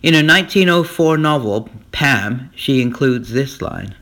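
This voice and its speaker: A man with a bright, ringing voice hosts a comedy podcast. He tells jokes with lively, swinging intonation and chuckles at his own punchlines. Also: medium pitch, unhurried, hardly any pauses. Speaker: podcast host. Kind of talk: comic podcast monologue.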